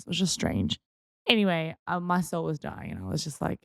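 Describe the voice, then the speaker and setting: Chatty young woman, low and gravelly. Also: animated, fast, a little mellow, no echo, studio quality. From Australia. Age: young adult. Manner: chatty, lots of fillers, self-mocking. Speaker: podcast host. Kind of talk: casual storytelling.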